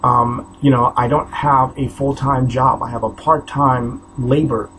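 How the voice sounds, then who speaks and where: A halting, repetitive preacher man in his forties. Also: mid-range voice, steady tone, fairly bright tone, slight background noise, low-quality recording. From New York State. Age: 40s. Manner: repetitive, halting, stammering restarts, preaching cadence. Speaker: self-styled preacher. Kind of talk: impassioned warning sermon to camera.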